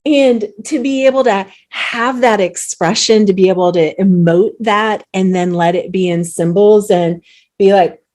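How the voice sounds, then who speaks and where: A woman hosting an interview, talking enthusiastically with animated emphasis and frequent small repeats as she starts phrases. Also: mid-range voice, unhurried. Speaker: host, company CEO. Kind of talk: conversational interview.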